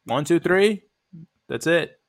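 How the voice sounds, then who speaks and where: A slightly high-voiced man co-hosting a casual podcast, blunt and joking. He swears freely and keeps a loose, offhand tone. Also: expressive, slow. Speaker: podcast co-host. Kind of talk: casual recap chat.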